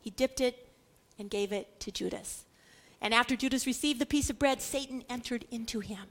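Animated woman teaching scripture. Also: a little high, normal speed. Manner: animated, emphatic, dramatizes quotes, repeats for stress. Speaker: Bible teacher.

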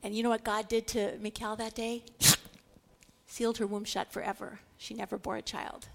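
An animated woman teaching scripture with a slightly high voice. She talks emphatically, repeats words for stress, and acts out the quoted lines. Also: moderate pace, creaky, slight background noise. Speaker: Bible teacher.

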